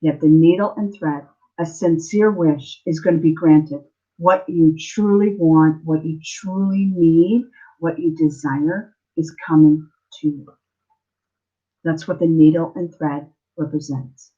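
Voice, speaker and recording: A woman's voice: low-pitched, fairly even intonation, measured pace, mellow, highs cut off. A woman giving a live online tarot reading, earnest and emotional, often checking in with the listener. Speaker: tarot reader.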